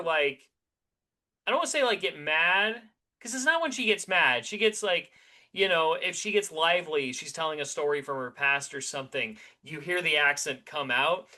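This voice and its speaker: A man's voice: high voice, bright, forceful tone. A man co-hosting a podcast, chatting casually and rambling animatedly through his opinions with many restarts. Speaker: podcast co-host.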